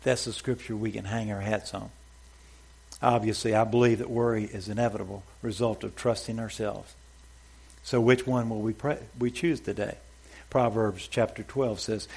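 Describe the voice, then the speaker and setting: A man's voice: on the low side, fairly even intonation, moderate pace, vocal fry, a little mellow, husky. A man preaching a sermon as pastor to a congregation, emphatic and repeating short exhortations. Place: church before a congregation.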